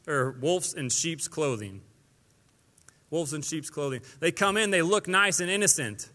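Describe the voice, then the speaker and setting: A young man preaching a sermon in a lively, conversational way, acting out quotes as he goes. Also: a little high, in a large hall.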